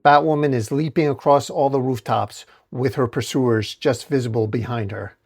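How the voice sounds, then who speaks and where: A man hosting a comic book channel, narrating a dramatic comic recap in a steady storytelling manner. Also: medium pitch, normal speed, creaky.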